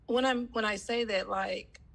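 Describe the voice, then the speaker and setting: A woman with a slight cold speaks a little slowly in a slightly high, steady, gravelly voice. She's a student in a coaching class on a video call, rambling with lots of fillers in casual chat.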